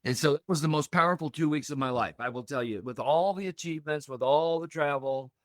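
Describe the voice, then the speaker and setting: An older man, a podcast guest, telling a deeply personal story with feeling, acting out the other people's words as he goes. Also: fairly quick, dry recording, studio quality. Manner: emotional, animated storytelling with voiced quotes.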